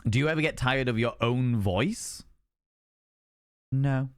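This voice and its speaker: A man's voice: mid-range voice, slow pace, no echo, studio quality. A man chatting casually with viewers on a game stream, rambling and repeating himself.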